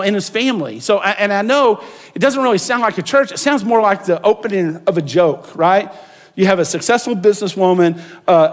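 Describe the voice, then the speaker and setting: A pastor giving a sermon, telling the story in a lively way and shouting out the quoted lines. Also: male voice, high voice. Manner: storytelling, acts out quotes loudly. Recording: long hall reverb.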